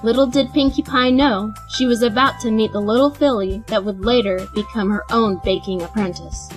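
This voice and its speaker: A woman reading a story aloud with an animated, expressive delivery. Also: a little high, moderate pace, soft background music, low-quality recording. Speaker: fanfiction reader. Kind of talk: storybook narration.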